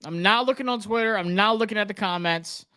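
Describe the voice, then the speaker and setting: A man's voice: high-pitched, fairly quick, clear, resonant tone. Young male streamer, jittery and keyed-up, live draft reactions. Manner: anxious, excited, talks to himself. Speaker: sports livestream host.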